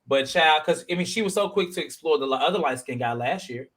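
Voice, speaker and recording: A man hosting a reality-TV recap with a slightly high-set voice. He talks in loose, slangy bursts and rambles through his points with plenty of fillers. The tone stays casual and conversational. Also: lively intonation, fast talker, fairly bright tone. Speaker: podcast host. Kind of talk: casual reality-TV review chat.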